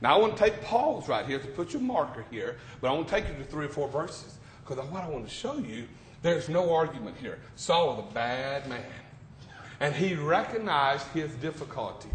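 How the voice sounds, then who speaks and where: High-voiced male preacher in an echoey room. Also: very animated, normal speed, slight background noise. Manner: conversational preaching with sudden loud bursts and quiet asides. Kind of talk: sermon.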